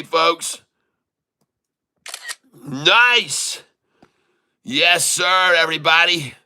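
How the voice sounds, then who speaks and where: A middle-aged man hosting a live day-trading stream, folksy and excitable, thanking viewers and calling out moves to his "folks.". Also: fairly high pitch, slow pace, pauses often. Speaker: day-trading livestream host.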